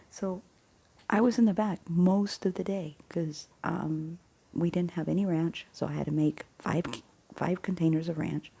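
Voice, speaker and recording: A woman with a low, very husky and breathy voice, talking casually through a personal story. Her tone is dark and gravelly, and she often drops into a half-whisper, repeating words as she rambles on. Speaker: faith vlogger.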